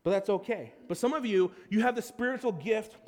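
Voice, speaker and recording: A pastor delivers a casual, animated sermon in a fairly high voice, tripping over quick restarts and tossing in playful asides. His words ring out with a long reverb, as if he is in a large church hall. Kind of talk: conversational sermon.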